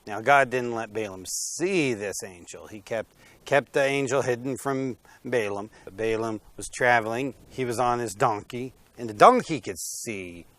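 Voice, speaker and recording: A man telling a Bible story in a relaxed, conversational way. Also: mid-range voice, a little slow.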